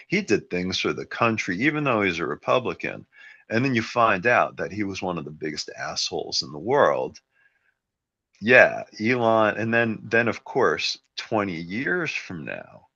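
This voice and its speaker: A man's voice: low voice, bright, forceful tone, husky. A man hosting a podcast, rambling through opinions in casual chat. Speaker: podcast host. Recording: dull lo-fi sound.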